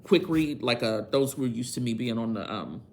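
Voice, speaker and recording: A woman's voice: a bass voice, lively intonation, normal speed, a little mellow. A woman tarot reader talking straight to her viewers in a casual video, earnest and emphatic like a pep talk.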